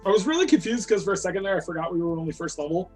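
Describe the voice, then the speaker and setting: A man playing a tabletop game, chatting quickly with the group. His voice is high for a man and noticeably husky. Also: soft background music. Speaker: player. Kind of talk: casual tabletop game chat.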